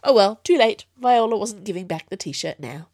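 A woman reads her own serialised fiction aloud with animated, expressive storytelling. Her voice rises and falls in a wide, lively range, and the recording is close and dry with no room echo. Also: mid-range voice, normal speed. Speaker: author and podcast narrator. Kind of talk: scripted narration of fiction.

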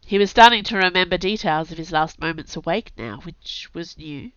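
A woman reading a novel aloud as narrator in an even storytelling manner. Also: fairly low pitch, moderate pace, hardly any pauses, clean tone, dry recording. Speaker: audiobook narrator. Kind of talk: scripted narration. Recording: dull dry recording.

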